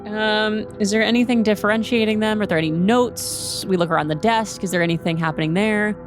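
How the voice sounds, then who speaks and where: A woman's voice: mid-range voice, fairly even intonation, fairly quick, music in the background. A woman playing a tabletop game, playful and laughing often. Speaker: player. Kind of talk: casual tabletop role-play.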